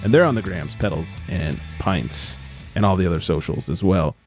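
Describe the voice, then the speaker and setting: A man's voice: sits low, moderate pace, soft background music. Joking man hosting a beer podcast. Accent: mix of Boston and New York. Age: about 40. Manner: upbeat, joking, swears casually. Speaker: podcast host. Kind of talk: casual podcast chat.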